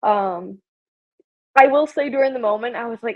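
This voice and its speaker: A woman's voice: on the high side, fast talker, narrow, tinny audio. A young woman from Chicago, a podcast guest, talking eagerly and filling her speech with ums and likes. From Chicago, USA. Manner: excitable, lots of fillers and restarts. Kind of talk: casual interview chat.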